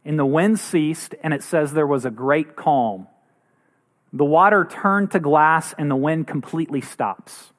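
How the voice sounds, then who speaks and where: A man preaching a sermon as pastor, earnest, acting out quoted voices now and then. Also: unhurried. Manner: earnest, acts out quoted voices with rising pitch.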